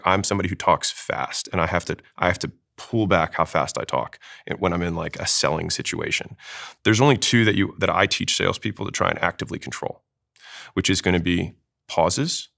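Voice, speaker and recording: Male sales teacher on a panel; very low, fast, emphatic delivery. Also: vocal fry, a bit bright. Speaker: sales expert guest. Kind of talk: panel discussion.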